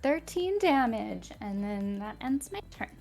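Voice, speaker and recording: This is a woman taking her turn in a tabletop game. Her voice is high and gravelly, and her speech is very slow. Faint music plays under her. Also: sing-song, darkish tone. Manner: slow, halting, many fillers. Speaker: player. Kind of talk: casual tabletop play.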